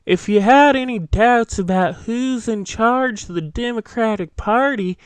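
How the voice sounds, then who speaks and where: A man doing an impression of an older male conservative politician, reading out a statement in a slow, emphatic way. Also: very high voice, smooth, no room sound, pitched above the performer's own voice. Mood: mock alarm.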